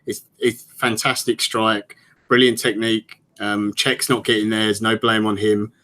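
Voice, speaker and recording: A man's voice: on the low side, little pitch movement, moderate pace, pushed and bright. Rambling male football pundit. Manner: rambling, many fillers and restarts. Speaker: podcast pundit. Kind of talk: casual football analysis.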